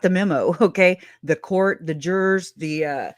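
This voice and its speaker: A woman hosting a casual true crime livestream, speaking bluntly and emotionally and laughing often. Her voice sits a little low. It is recorded close and dry, with no room echo. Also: a little slow, few pauses.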